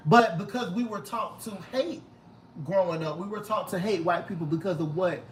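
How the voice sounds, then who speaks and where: A man's voice: high voice, normal speed, a little hiss or hum, rough recording. A man as an interview guest in casual chat, talking earnestly and with emphasis, often acting out voices.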